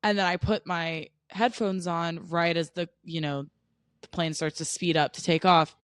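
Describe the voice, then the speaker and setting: A woman's voice: fairly low pitch, steady tone, normal speed, smooth, no echo. Chatty young American woman, dry sound. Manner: chatty, blunt, laughs easily, lots of "like". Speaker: podcast co-host. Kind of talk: casual podcast chat.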